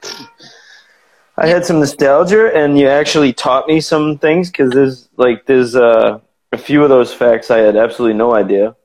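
A man's voice: medium pitch, steady tone, normal speed, darkish tone, poor audio. A man from Massachusetts with a Boston accent, a guest telling stories in casual chat, rambling with many restarts.

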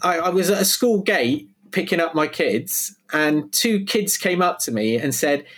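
A man's voice: fairly high pitch, animated, a little slow, a bit bright, slightly rough. A middle-aged man, talking as an interview guest in an enthusiastic, rambling way, full of restarts and tangents. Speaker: guest, video producer. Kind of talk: casual interview chat.

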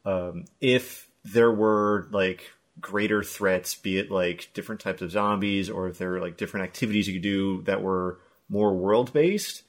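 A man's voice: low voice, normal speed, hardly any pauses. A man co-hosting a gaming podcast, talking in a rambling, hesitant way with many fillers. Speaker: podcast co-host. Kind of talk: casual gaming podcast chat.

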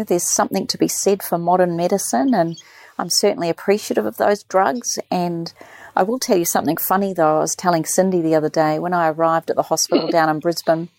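Middle-aged woman, lowish gravelly voice, dry close sound, lively storyteller. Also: dry recording. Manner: animated storyteller, quotes others in lively voices. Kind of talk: casual chat.

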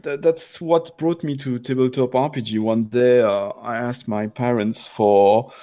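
A man from Belgium, a guest on a podcast, talking casually and often pausing to search for words. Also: medium pitch, steady tone, mellow. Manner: hesitant, searching for words with many fillers. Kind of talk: casual chat.

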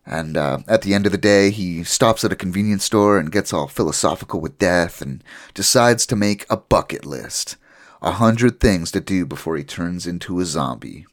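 A man's voice: sits low, animated, normal speed. A man hosting a podcast, casually recapping an anime episode in a chatty storytelling way. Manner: chatty storytelling, laughs at his own jokes. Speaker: podcast host.

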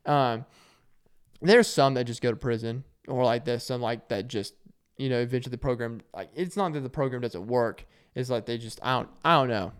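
A young man hosting a solo podcast, telling rambling, self-deprecating stories in a casual way and acting out loud quotes. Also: mid-range voice, moderate pace, clean tone. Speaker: podcast host.

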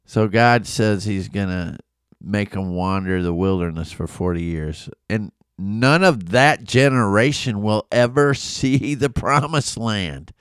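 A man, a pastor, retelling a Bible story in a casual, animated way and asking his listeners questions. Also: lowish voice, slow pace, smooth, dry recording, clean studio sound. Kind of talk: casual Bible study talk.

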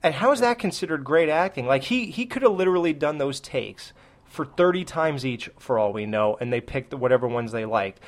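A man's voice: a little high, a little fast. A man co-hosting a movie podcast, talking casually and with animation, heavy on "like". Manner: animated, opinionated, many "like"s. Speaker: podcast co-host. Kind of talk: casual movie review chat.

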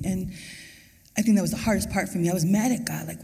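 Husky, gravelly woman in a church hall. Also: medium pitch, dark tone. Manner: earnest, emotional, halting. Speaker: mother of a murder victim, guest on stage. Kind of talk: personal testimony at a church service. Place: large church auditorium.

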